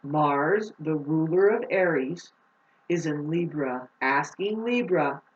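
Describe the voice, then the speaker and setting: A woman vlogger giving an unscripted astrology monologue, swearing freely and swinging between loud, heated outbursts and low, slow explanation. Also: animated. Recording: roomy, distant, dull-sounding audio.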